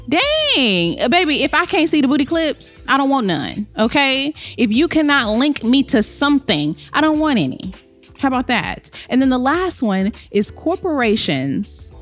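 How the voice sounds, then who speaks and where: Sassy young woman podcast host. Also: high voice. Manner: sassy and emphatic, calls listeners honey and babe. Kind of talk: casual solo podcast monologue.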